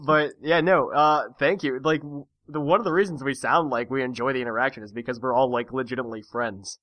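A man's voice: mid-range voice, fairly even intonation, fast talker, fairly bright tone, no room sound. A man hosting a casual podcast chat, giggly and rambling. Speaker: podcast host.

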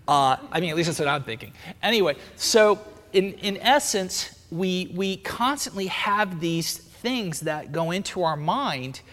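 A man's voice: high-pitched, expressive, measured pace, fairly bright tone. A man giving a casual, meandering talk on spiritual ideas, thinking aloud as he explains. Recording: long reverb, echoey room.

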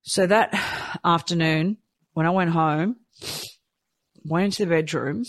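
A woman telling a personal story candidly and from the heart, rushing and restarting her sentences. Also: on the low side, dry recording. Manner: heartfelt, rushed, with frequent restarts. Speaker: storyteller sharing a personal experience.

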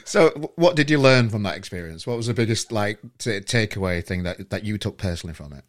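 A man's voice: lowish voice, animated, fast. A man hosting a podcast, asking questions in a hesitant way with frequent restarts. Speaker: podcast host. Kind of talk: interview questions.

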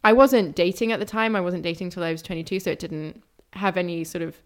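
A woman hosting an interview speaks in a somewhat low register. She is chatty and candid, sharing personal stories with self-aware laughs before she asks her questions. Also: fast. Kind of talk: casual interview talk.

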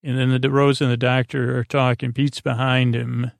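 Creaky flat-voiced man rambling. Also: medium pitch, moderate pace, dry recording. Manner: meandering, hesitant, full of "uh" fillers. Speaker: podcast host. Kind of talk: rambling bedtime recap of a TV episode.

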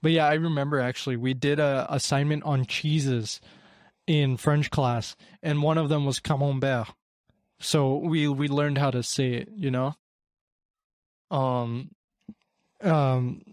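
A young man in his twenties talks in a loose, rambling way, filling pauses with ums and uhs. His voice sits in an ordinary middle range. The sound is dry and close, with no room echo. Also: mid-range voice, steady tone, darkish tone. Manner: rambling, heavy with fillers. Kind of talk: casual chat.

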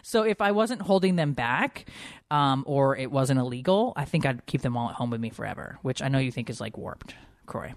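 With an extremely low-pitched, expressive voice, this forties-aged podcast host from Connecticut talks briskly in a dry, clean studio recording. Her casual talk wanders, gets emotional, and leans heavily on fillers.

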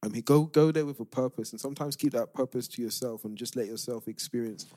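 A man's voice: medium pitch, fast talker, warm tone, no room sound. A man with a London accent, co-hosting a podcast, giving earnest advice in casual chat and often restarting his sentences. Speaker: podcast co-host.

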